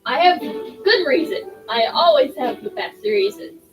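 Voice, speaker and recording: Game music plays behind a woman streamer who rambles casually through her gameplay, throwing in self-deprecating remarks. She speaks in a high, animated voice, a little slowly, and the recording is rough.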